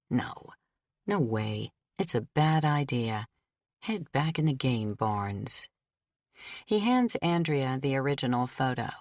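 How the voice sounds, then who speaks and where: A woman reading a novel aloud as an audiobook narrator, in a measured, steady way. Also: sits low, no room sound, studio quality. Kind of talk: scripted narration.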